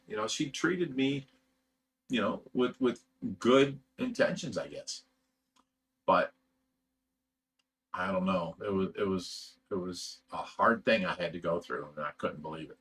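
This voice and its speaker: A man's voice: sits low, measured pace, long pauses, fairly bright tone, slight background noise. A man hosting a livestream, telling a personal story in a blunt, profane, rambling way with many restarts. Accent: Ohio. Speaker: livestream host of a fish rescue channel.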